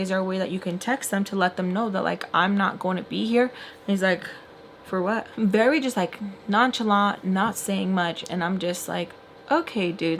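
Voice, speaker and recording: A young woman chats her way through a long personal storytime at an everyday mid pitch, sprinkling fillers and acting out what others said. She talks close to the camera mic, with a faint hum of noise behind her. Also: fairly bright tone. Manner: chatty, filler-heavy, acts out quoted voices. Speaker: storytime vlogger. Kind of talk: casual storytime while doing makeup.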